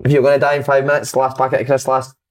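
A man's voice: mid-range voice, little pitch movement, very fast. A Scottish man hosting a casual podcast, teasing his co-hosts, laughing often and swearing freely. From Scotland. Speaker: podcast host. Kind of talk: casual banter among former footballers.

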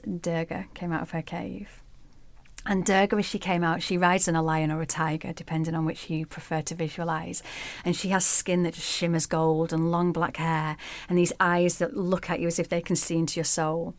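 A woman guest on a podcast, telling a myth as a vivid, expressive storyteller. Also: fairly low pitch, no echo. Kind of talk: storytelling in an interview.

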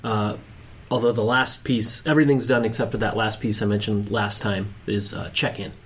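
A man's voice: lowish voice, fairly even intonation, moderate pace. A man from a podcast team, talking in an easygoing, casual way with some fillers.

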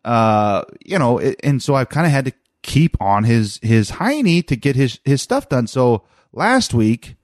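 A man's voice: medium pitch, very animated, a little slow, few pauses, dry recording, clean studio sound. A man in his thirties chatting casually about his son, rambling with many restarts and fillers. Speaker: father telling a family story. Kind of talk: casual chat.

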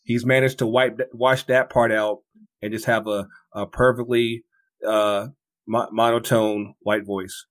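A man's voice: fairly low pitch, flat delivery, measured pace. A man hosting a casual sports podcast, riffing and laughing, with frequent stammered restarts. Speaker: podcast host.

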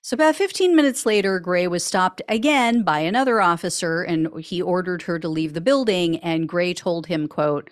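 A woman's voice: on the low side, expressive, moderate pace, hardly any pauses, dry recording. Woman doing a news recap podcast, sarcastic little asides, dead dry sound. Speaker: podcast host.

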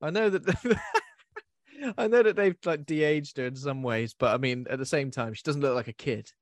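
A man hosting a casual chat about new films, talking in loose, rambling bursts full of restarts and fillers. His voice sits at a middle pitch. It is recorded close and dry, with no room sound. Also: moderate pace, no echo. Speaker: podcast host.

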